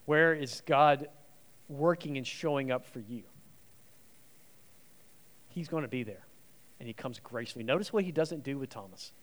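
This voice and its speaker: A man preaching a sermon as a guest preacher, swinging between loud emphasis and quiet, soft passages. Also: medium pitch, moderate pace, pauses often.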